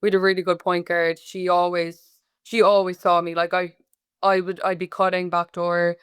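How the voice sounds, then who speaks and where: A woman's voice: fairly low pitch, level tone, normal speed, clean tone, dry recording, clean studio sound. A young woman in her twenties with a Cork Irish accent, chatting casually as a podcast guest, with lots of filler words. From Ireland. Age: 20s. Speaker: guest, college basketball player. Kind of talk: casual interview chat.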